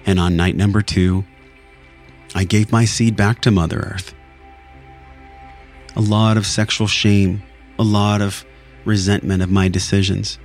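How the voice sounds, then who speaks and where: Man, very low voice, earnest and emotional, personal monologue, soft music behind. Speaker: podcast host.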